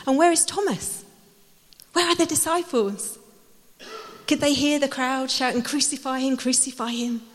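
Woman preacher, higher voice, animated storyteller, long hall echo. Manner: lively storytelling, acting out voices. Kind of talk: sermon. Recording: hall reverb.

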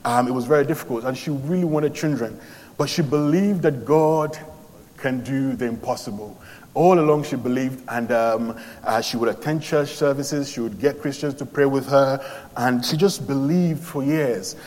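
A man's voice: medium pitch, normal speed, darkish tone. Young man preaching in a reverberant church hall, earnest delivery and frequent fillers. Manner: earnest, retelling scripture with quoted voices, many fillers. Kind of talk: sermon.

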